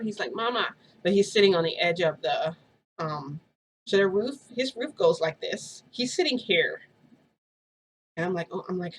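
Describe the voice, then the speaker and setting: A woman talks straight to her audience in a chatty, excitable way. She retells events in a relaxed, casual storytelling style. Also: lowish voice, a little hiss or hum. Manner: excitable, chatty retelling full of "I'm like" and "freaking". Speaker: vlogger.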